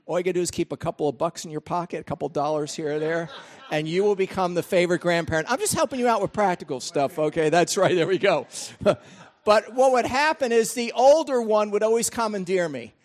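Older man, pastor, high voice, emphatic sermon, chatty asides. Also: fast talker. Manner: animated, rising to emphatic peaks then dropping to asides.

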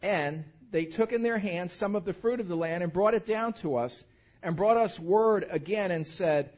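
A man preaching with a high-pitched, animated voice, pressing hard on the words he reads from scripture. The recording sounds somewhat dull and lo-fi. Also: normal speed. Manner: animated, enthusiastic, emphatic reading. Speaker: pastor. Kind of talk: sermon with scripture reading.

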